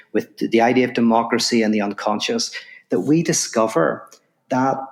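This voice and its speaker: A man, the guest on a podcast interview, talking fast and telling stories while explaining ideas. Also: mid-range voice. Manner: animated storyteller, quick explanations. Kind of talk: podcast interview, storytelling and philosophy.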